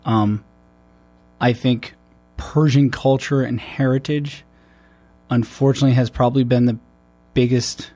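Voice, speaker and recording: A man's voice: mid-range voice, steady tone, unhurried, long pauses, mellow, no echo, soft background music. A man, a military veteran, talking in a loose, rambling way with many restarts and fillers. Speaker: podcast host. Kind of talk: casual conversation.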